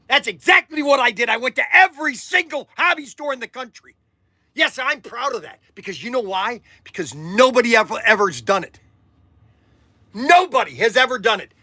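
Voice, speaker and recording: A man's voice: very high-pitched, expressive, normal speed, bright, forceful tone, no echo, studio quality. An older man hosting a show, telling a long personal story in a rambling, emphatic way that repeats itself, getting emotional at times. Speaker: podcast host. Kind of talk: casual storytelling.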